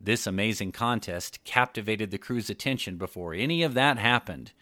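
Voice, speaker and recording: A man with a deep voice reads an audiobook at a steady, measured pace. The recording is close and dry, with no room sound. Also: no echo. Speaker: audiobook narrator. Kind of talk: scripted narration.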